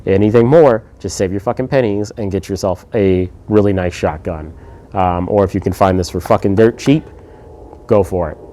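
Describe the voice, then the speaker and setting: A man giving a casual, laid-back firearms review, swearing freely and filling pauses with lots of ums and uhs. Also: deep voice, dark tone.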